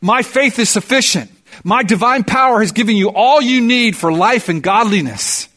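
A man shouting as a heavenly male voice urging on. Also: high-pitched, animated, normal speed, pitched above the performer's own voice. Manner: raised, pleading shout. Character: God and an apostle, male, calling encouragement from below.

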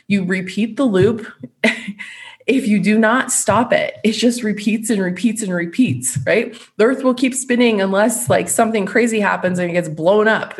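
Blunt, swearing woman coaching on overwhelm. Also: on the low side. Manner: blunt, swears freely, laughs often. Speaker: self-help podcast host. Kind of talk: casual coaching monologue.

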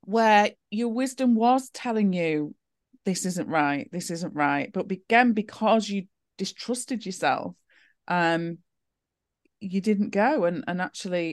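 A woman's voice: lowish voice, dry recording, studio quality. A woman co-hosting a podcast, reflecting and asking thoughtful questions in casual conversation. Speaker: podcast co-host.

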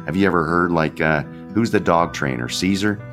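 A man with a very low voice talks through an unscripted devotional as a pastor hosting his own show. He speaks candidly and conversationally, circling back to repeat his phrases. Soft guitar plays faintly underneath. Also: normal speed. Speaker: podcast pastor.

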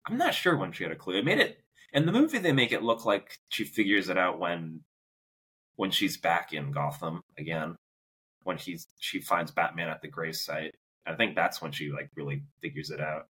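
Young male podcast co-host, low and husky, casual and halting. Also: expressive, pushed and bright. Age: young adult. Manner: hesitant, lots of "like" and restarts, laughs easily. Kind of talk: casual movie discussion.

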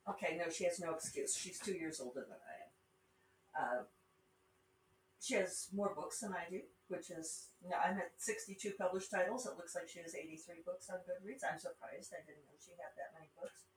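A woman's voice: on the low side, moderate pace, a little hiss or hum. Chatty woman with a Rocky Mountain accent. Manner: chatty, digressive, wry asides. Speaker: podcast host and self-published author. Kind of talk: casual rambling monologue. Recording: roomy sound from a distance with faint ambience.

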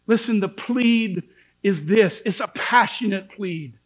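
A man preaching a sermon in a church, impassioned, swinging between shouted warnings and low pleading. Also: poor audio.

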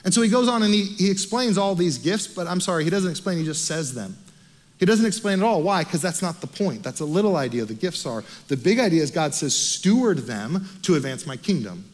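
A man with an American accent preaching a sermon as pastor, animated and conversational, asking the congregation rhetorical questions. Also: high-pitched, fast.

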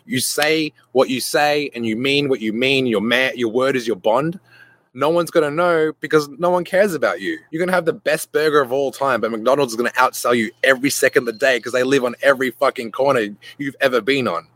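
A young adult man hosting a podcast, telling a casual story full of cursing, who jumps into quick voices for the people in his anecdote. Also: medium pitch, no echo. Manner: animated, swears freely, acts out voices in anecdotes. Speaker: podcast host.

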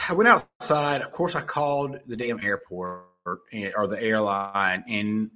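A man's voice: medium pitch, pushed and bright. A man telling a rambling, profane story in a casual monologue, full of fillers and restarts.

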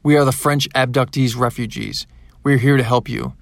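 A man voicing a loud, formal male spokesman announcing from a spaceship in an audiobook. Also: medium pitch, steady tone, moderate pace, gravelly, no echo.

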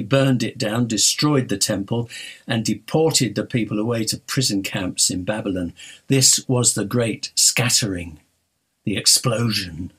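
A man preaching a sermon with a husky, slightly breathy voice. He tells stories to a congregation and slows right down to drive key phrases home. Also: fairly low pitch, a bit bright. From North London.

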